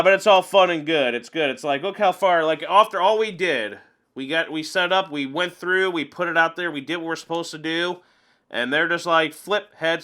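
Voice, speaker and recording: A man giving casual, animated commentary while playing an online card game, ranting and laughing as he goes. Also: on the high side. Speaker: gameplay commentator.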